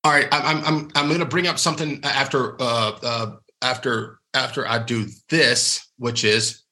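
A man co-hosting a podcast, chatting casually with quick interjections. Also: mid-range voice, fairly even intonation, bright, forceful tone. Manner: quick interjections, laughs along. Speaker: podcast co-host.

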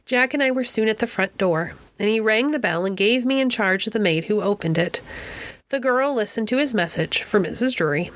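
A woman narrating a classic novel as an audiobook in a clear, steady storytelling voice. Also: mid-range voice, brisk, no echo.

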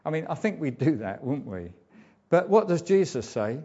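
A man preaching a sermon in a conversational, halting way, full of ums and uhs. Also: fairly high pitch, big pitch swings, darkish tone, breathy edge, muffled recording. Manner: hesitant, frequent ums and uhs; conversational, informal asides.

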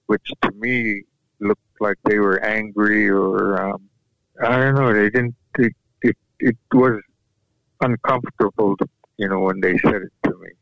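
A man whose first language is Yup'ik, telling a personal story in an unhurried, halting way, often restarting his sentences. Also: lowish voice, gravelly, a bit bright, dry recording. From Alaska. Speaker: guest sharing a personal story. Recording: dull lo-fi dry recording.

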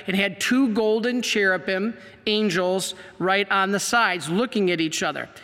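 A middle-aged priest teaching from slides, preaching with excited emphasis. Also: male voice, high voice. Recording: long hall reverb.

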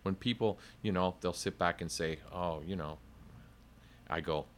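A man's voice: deep voice, unhurried, a little hiss or hum. A man who is a cigar company sales rep, explaining in detail in a playful, casual podcast chat.

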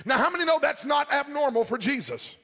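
A male pastor preaching a sermon, shouting in a sing-song cadence and calling out questions to the congregation. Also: very high-pitched, animated, fairly quick. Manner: call-and-response questions to the congregation. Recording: reverberant hall with music behind.

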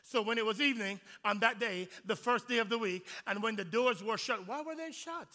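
A man preaching an Easter sermon to his congregation, swinging from hushed whispers to shouts and acting out the voices of the people in his story. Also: high voice, a little fast, in a large hall. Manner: acts out quoted voices of disciples and Jesus. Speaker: pastor.

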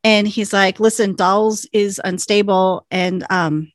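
A woman's voice: medium pitch, fairly even intonation, slow pace, no room sound. A woman casually recapping a TV episode, chatty, with lots of likes and ums. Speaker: podcast co-host.

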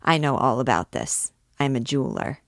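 A woman's voice: rumbling low, animated, brisk, no room sound, studio quality, pitched below the performer's own voice. A woman reading the lines of a scheming male vagabond in a storybook reading, in an eager, rallying way.

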